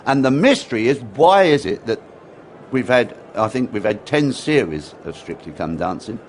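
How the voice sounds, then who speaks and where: Animated older Englishman telling stories. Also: mid-range voice, moderate pace, slight background noise. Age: 60s. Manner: animated, acts out quotes, repeats words. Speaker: interview guest, former dance teacher. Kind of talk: anecdotal storytelling in an interview.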